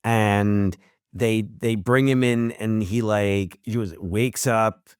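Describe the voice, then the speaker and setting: A man co-hosting a podcast, chatting excitedly about a film and thinking out loud with many restarts. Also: on the low side, slow pace, clear, resonant tone, dry recording, clean studio sound. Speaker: podcast co-host. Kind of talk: casual film discussion.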